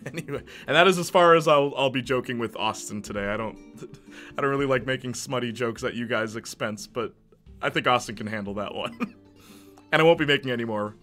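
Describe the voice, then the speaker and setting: A man's voice: mid-range voice, fairly quick, fairly bright tone, soft background music. A man streaming and chatting casually with his viewers, joking and laughing often. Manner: jokey, laughs often, talks to chat. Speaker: live streamer. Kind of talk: casual live-stream chat.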